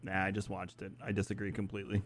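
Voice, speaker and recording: A man's voice: deep voice, monotone, fast, dry recording. A man co-hosting a podcast, teasing his partner in casual, playful banter. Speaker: podcast co-host. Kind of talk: casual chat.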